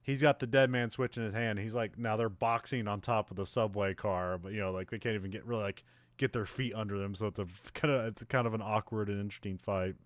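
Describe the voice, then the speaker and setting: A podcast host recapping a film in a casual, rambling way, full of fillers and restarts, laughing at the plot now and then. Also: male voice, on the low side, steady tone, fast, dry recording.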